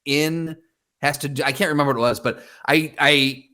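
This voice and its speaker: A man's voice: on the high side, steady tone, normal speed, sharp tone. A man co-hosting a podcast, telling rambling stories in casual chat. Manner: rambling storyteller, many restarts and fillers. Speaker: podcast co-host.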